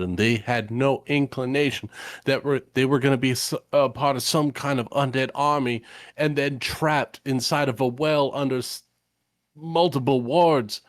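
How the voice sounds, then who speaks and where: A man voicing a grieving adventurer in a tabletop role-play, halting and stammering with emotion. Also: mid-range voice, no echo, voice pushed up, close to an everyday voice. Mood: pleading. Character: grieving adventurer torn over undead friends.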